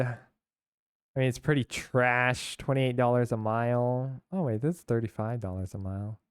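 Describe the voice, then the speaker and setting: A man's voice: mid-range voice, a little mellow, clean tone, no room sound, studio quality. A young man from San Francisco chatting casually with his chat while streaming a game, rambling and laughing along.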